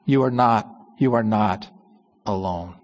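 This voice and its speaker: A man acting out God, a firm and reassuring divine voice that speaks in measured phrases and sinks low at their ends. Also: muffled recording, natural voice. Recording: long church reverb.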